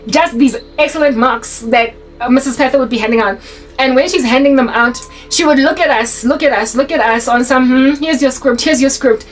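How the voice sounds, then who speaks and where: A woman tells a funny school story in a lively, casual vlog. Her voice sits high, she laughs often, and faint music plays beneath her. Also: fairly quick, poor audio. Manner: animated, laughs often while telling. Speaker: YouTuber.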